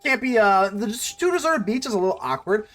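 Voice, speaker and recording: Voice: mid-range voice, expressive, brisk, fairly bright tone, soft background music. A card game streamer thinking aloud through a match, fretting and scolding themselves over mistakes in casual commentary.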